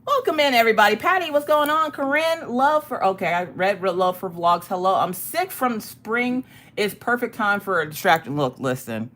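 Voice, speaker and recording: Woman streamer, lively up-and-down voice, greets chat by name, swears casually. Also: mid-range voice, normal speed. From United States. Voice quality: ticklish cough in throat. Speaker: livestream host.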